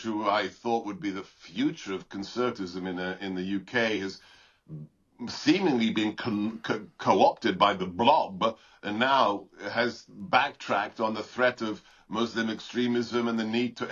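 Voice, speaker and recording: A man's voice: mid-range voice, a bit bright, husky, highs cut off. A man from Britain, a guest giving combative, emphatic political commentary in an interview.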